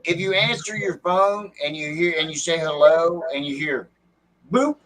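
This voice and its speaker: A man's voice: on the high side, moderate pace, fairly bright tone, poor audio. A laid-back man hosting a casual chat.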